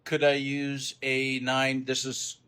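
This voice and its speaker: Meeting attendee: a man, steady and flat, asking matter-of-fact questions. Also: mid-range voice, slow pace, clear, resonant tone. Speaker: remote attendee relaying questions.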